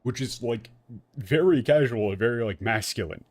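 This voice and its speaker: A man's voice: medium pitch, normal speed, no echo. A man streaming a game and explaining its story in casual, rambling commentary, full of fillers and restarts and the odd swear word. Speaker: streamer playing and translating a game.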